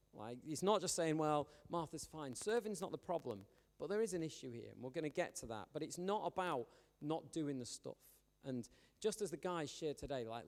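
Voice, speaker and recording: A man's voice: fairly high pitch, a little mellow. A man preaching a conversational sermon, full of "like" fillers, acting out the voices he quotes. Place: church hall. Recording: church hall with long reverb.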